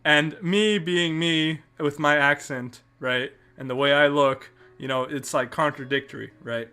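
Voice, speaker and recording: A man's voice: fairly high pitch, steady tone, a little slow, sharp tone, clean tone, soft background music. A man with a Canadian accent hosting a podcast, telling a travel story in a rambling way with many restarts and fillers. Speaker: podcast host.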